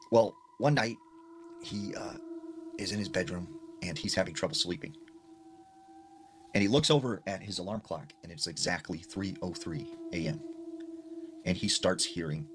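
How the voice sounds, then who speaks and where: Low, lively man retelling a scary story. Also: moderate pace, long pauses. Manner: conversational, filler-heavy retelling. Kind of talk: casual spoken storytelling. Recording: noisy ambient recording.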